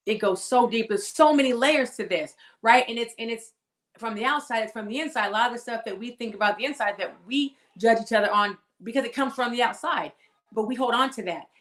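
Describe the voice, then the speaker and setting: A woman's voice: on the high side, brisk. Emphatic woman with a Californian accent. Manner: animated, emphatic, laughs often. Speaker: guest. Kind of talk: casual conversation. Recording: echoey room.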